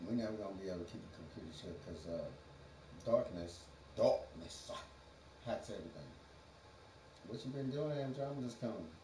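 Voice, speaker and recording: A man's voice: lowish voice, lively intonation, fairly quick. Profane rambling man, distant and roomy. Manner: free-associating, profane, laughs often. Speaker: livestream host. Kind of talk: rambling livestream monologue. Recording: roomy, distant from the mic, faint background noise.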